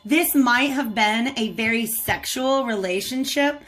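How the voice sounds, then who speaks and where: A woman's voice: high-pitched, normal speed, a bit bright. A woman giving a casual tarot reading, chatting to viewers and talking to the cards as she goes. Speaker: tarot reader.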